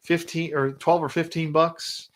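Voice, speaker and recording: Brief: male host, slightly high voice, casual livestream toy review, blunt and rambly. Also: flat delivery, measured pace, poor audio. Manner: rambling, blunt, repeats and restarts while complaining. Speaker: action figure collector and channel host.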